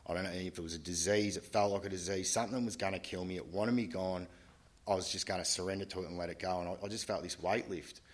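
A man giving a candid, halting personal testimony to a group at a recovery meeting, often restarting his sentences. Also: low-pitched, steady tone. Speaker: speaker sharing at a recovery meeting.

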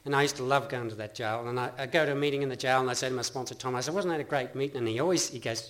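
A middle-aged Australian man speaks at a meeting, telling his own story in an earnest, rambling way. He often restarts his sentences and breaks into laughter, and his voice sits at an ordinary middle pitch. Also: racing, hardly any pauses, fairly bright tone. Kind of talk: personal testimony talk.

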